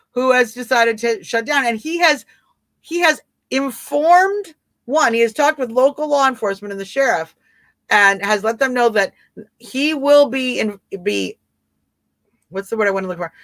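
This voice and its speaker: A woman's voice: a little high, fairly bright tone, no echo. A woman with a Southern twang hosting a live stream, chatting casually and answering viewers by name in an emphatic way. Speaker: livestream host.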